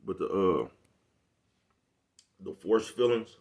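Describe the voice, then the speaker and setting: A man's voice: sits low, expressive, slow, a little mellow. A man delivering a casual, profane monologue to his viewers, forever checking in with "you know what I'm talking about". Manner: laid-back, profane street talk. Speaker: vlogger.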